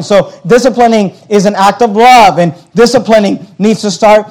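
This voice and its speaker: A man with a notably high voice delivers a sermon, talking to the congregation in a loose, conversational way. He stumbles over his words and repeats himself often as he pushes his points. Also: normal speed, hardly any pauses, darkish tone. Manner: conversational preaching with frequent stammered restarts. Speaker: pastor.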